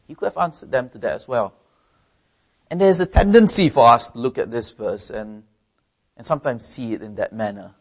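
A man preaching a sermon in an earnest way, often restarting and repeating words, lifting his voice for emphasis. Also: moderate pace. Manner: earnest, rises in pitch and volume for emphasis.

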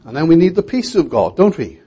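Here a man preaches an expository sermon, his husky, mellow voice pitched fairly high and very animated. He talks at a measured pace, repeatedly posing rhetorical questions to the audience, and the sound is lo-fi.

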